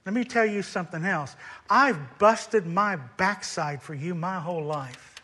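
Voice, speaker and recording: A man's voice: high-pitched, measured pace, sharp tone, heavily acted. A man voicing a resentful grown elder son who complains bitterly and sarcastically to his father. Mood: bitter sarcastic.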